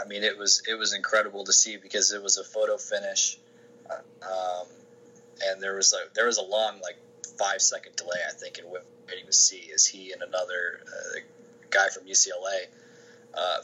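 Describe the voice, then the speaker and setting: A man's voice: on the low side, sharp tone, slightly rough, rough recording. A man, a sports information director, answering interview questions in a casual, rambling way with many restarts and fillers.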